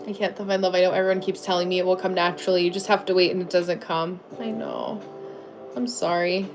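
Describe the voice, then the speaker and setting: A woman's voice: lowish voice, flat delivery, brisk, music in the background. A woman in her thirties chatting casually on a livestream, answering viewers with lots of fillers and restarts.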